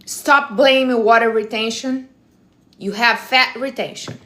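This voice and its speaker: A woman's voice: fairly high pitch, unhurried, sharp tone. Blunt, teasing woman livestreaming advice. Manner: non-native English phrasing. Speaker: livestream host. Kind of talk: casual live-stream chat.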